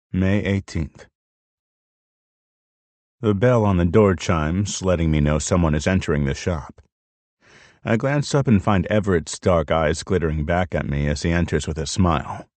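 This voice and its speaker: A man reads a first-person romance audiobook in a measured, even way. His voice is very deep. The sound is dry and close. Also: no echo. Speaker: audiobook narrator.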